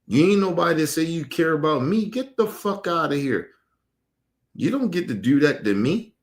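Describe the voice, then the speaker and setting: A man streaming online vents angrily about his family in a heated personal rant, emphatic and profane throughout. His voice is fairly high with lively intonation, and he speaks fairly quickly.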